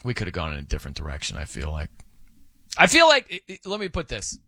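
A man's voice: low voice, wildly swooping pitch, fast talker, sharp tone, breathy edge, no room sound. A man hosting a sports radio show in casual, rambling, self-amused banter at a studio microphone.

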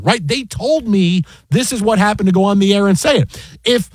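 In a brisk, high-sitting voice with no room sound, a man who broadcasts sports recounts an anecdote with lots of false starts, animated and full of disbelief.

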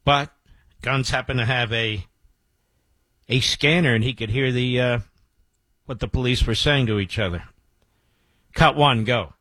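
Man, talk radio host, emphatic monologue, mid-pitched voice, dry studio. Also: unhurried, pauses often, fairly bright tone, no room sound. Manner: emphatic, boastful, repeats key phrases.

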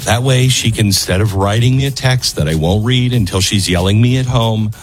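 A man's voice: on the low side, brisk, soft background music. Talk show host, middle-aged man. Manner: conversational, self-interrupting, with fillers. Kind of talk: talk radio monologue and ad read.

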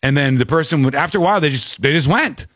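Animated male radio host. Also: on the high side, fast, dry recording, studio quality. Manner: animated, mimics voices while telling stories. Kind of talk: casual talk radio chat.

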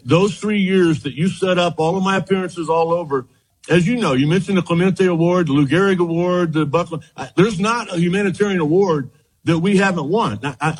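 An older man with a husky, slightly raised voice tells stories from his playing days. He is animated and slips into the voices of the people he quotes. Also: high-pitched. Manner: animated storyteller, acts out quoted dialogue. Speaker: former pitcher, guest. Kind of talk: storytelling interview.

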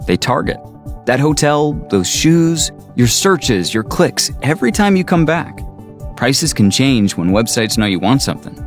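A man reads an ad in short, punchy phrases, his pitch rising and falling a lot. Faint music sits underneath. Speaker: ad announcer. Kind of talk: scripted ad read.

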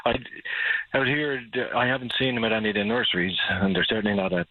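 A man from Ireland with an Irish accent, calling in to a radio garden show with a hesitant, halting question. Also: lowish voice, no room sound, phone-quality sound. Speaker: caller.

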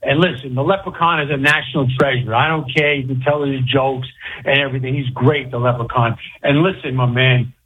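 A man's voice: medium pitch, steady tone, brisk, breathy edge. A man calling in to a radio show, telling a rambling story with enthusiasm. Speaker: radio caller. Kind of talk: phone-in storytelling. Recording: tinny phone line.

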